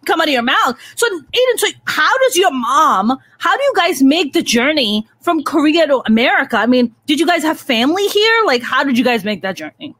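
Blunt, high-voiced woman host. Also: sing-song, fairly quick, few pauses, a bit bright, dry recording. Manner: blunt, swears freely, emphatic. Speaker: podcast host. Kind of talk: casual chat.

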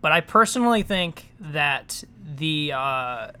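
Bright-voiced hesitant man chatting. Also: on the high side, expressive, slow, clear, resonant tone. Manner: hesitant, many restarts and fillers, laughs easily. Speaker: podcast co-host. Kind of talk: casual chat.

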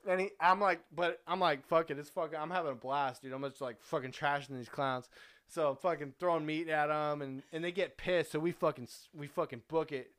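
A man's voice: a little high, fairly quick, fairly bright tone, clean tone. Rambling, profane young man telling a story. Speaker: podcast host. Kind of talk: casual storytelling.

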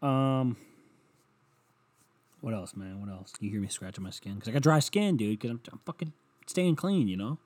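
A young man rants alone at home in a loose, comedic monologue, swearing freely and drifting from one gripe to the next. His voice is husky and a little breathy, set at an ordinary middle pitch for a man. The tone stays sarcastic and rambling throughout. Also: lively intonation, moderate pace, long pauses, a little mellow. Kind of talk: solo comedic ranting monologue.

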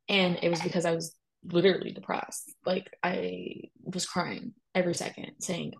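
A woman's voice: on the low side, normal speed, gravelly, darkish tone, breathy edge, low-quality recording. A young woman telling a personal story in a chatty way, full of "like" and emphatic asides. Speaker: guest sharing a personal story.

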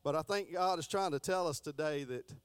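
A man's voice: on the high side, a little fast, clear, resonant tone. A middle-aged man giving a folksy Sunday school lesson, stumbling and restarting as he reads aloud.

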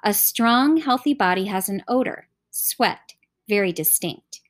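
A woman voicing a stern older male martial arts teacher who talks in gruff, scolding commands, read as an audiobook character. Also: medium pitch, animated, measured pace, no echo, studio quality, close to an everyday voice. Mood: explaining.

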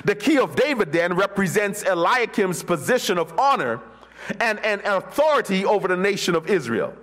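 A man preaching a sermon as pastor, his voice swinging from sung high calls down to low, quiet murmurs. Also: sing-song, moderate pace.

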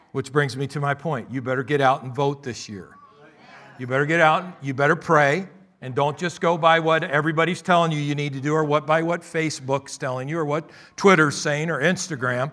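A male pastor delivering a sermon with a bright, ringing voice pitched a little high. He drives his points with loud emphatic bursts, drops into quieter asides, and keeps calling for an amen. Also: moderate pace. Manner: preacherly, calls for amens, swings between loud bursts and soft asides.

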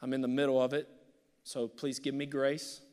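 A male pastor preaching a sermon, swinging from loud bursts to hushed, near-whispered passages. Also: mid-range voice, flat delivery, normal speed. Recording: long reverb of a large hall.

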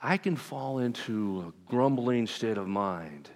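A man preaching a sermon as pastor, talking to his congregation in a conversational, self-deprecating way with lively asides. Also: mid-range voice, slow pace. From Southern California. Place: church sanctuary. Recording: long reverb of a large hall.

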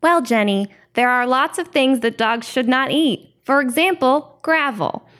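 A woman co-hosting a scripted comedy show, delivering absurd claims with total deadpan confidence. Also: high-pitched, measured pace.

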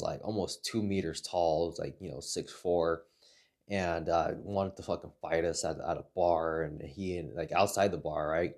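Man, very low voice, casual rambling storyteller, lots of cursing. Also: a little mellow. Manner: rambling, heavy swearing, laughs through his stories.

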